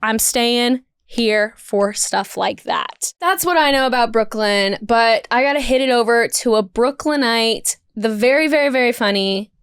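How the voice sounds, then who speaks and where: Animated, wry woman podcast host. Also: a little high, unhurried, hardly any pauses, smooth, dry recording, clean studio sound. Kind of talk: comedic storytelling.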